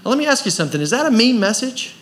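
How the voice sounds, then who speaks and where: A man's voice: extremely high pitch, big pitch swings, racing, a bit bright, slight background noise. A man preaching a sermon as pastor of a church, pressing his points with rhetorical questions and rising emphasis. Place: church service.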